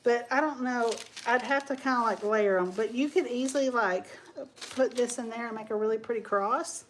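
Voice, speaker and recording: Chatty higher-voiced woman hosting a craft stream. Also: moderate pace, a little hiss or hum. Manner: rambling and chatty, reads viewer comments aloud. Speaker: craft livestream host. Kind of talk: casual live-stream chat while crafting.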